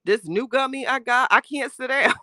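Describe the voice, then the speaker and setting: On a dry recording, a high-pitched woman reads her livestream chat aloud in a casual, sassy way. She's lively, laughs a lot and peppers her talk with Southern Black American slang.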